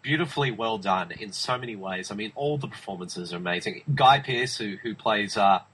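Enthusiastic man, bright husky voice. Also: lowish voice, moderate pace, rough recording. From Australia. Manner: enthusiastic, emphatic, restarts often. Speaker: film review podcast host. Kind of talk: casual film review chat.

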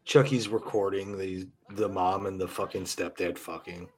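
A man's voice: low voice, steady tone, normal speed, slightly rough, soft background music. A young man in casual chat with friends, swearing loosely and laughing often. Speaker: gamer chatting with friends.

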